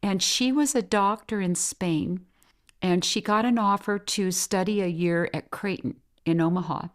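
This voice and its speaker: Chatty Midwestern woman, lowish voice. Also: a little slow. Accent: Midwestern American. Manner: chatty storyteller, acts out quoted voices, laughs often. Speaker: bed and breakfast owner, guest. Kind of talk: casual interview chat.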